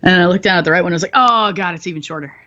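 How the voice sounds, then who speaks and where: A woman's voice: fairly low pitch, racing, pushed and bright, highs cut off. A woman in her thirties, a podcast guest, candidly telling a hard story with blunt, profane humor and frequent laughs. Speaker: podcast guest, combat veteran.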